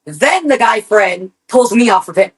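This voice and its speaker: A woman co-hosting a podcast, telling a personal story in casual chat, animated and swearing freely. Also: mid-range voice, unhurried, husky, low-quality recording. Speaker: podcast co-host.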